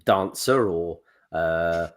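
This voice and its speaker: A man's voice: low-pitched, drawn-out words. A man co-hosting a podcast, rambling through a story and acting out quotes in different voices. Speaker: podcast co-host. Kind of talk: casual chat.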